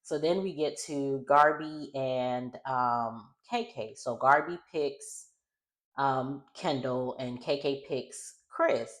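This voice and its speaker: Very low-voiced chatty woman. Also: takes it slowly. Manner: chatty, rambling, self-correcting, laughs often. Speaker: reality show recapper. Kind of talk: casual recap chat.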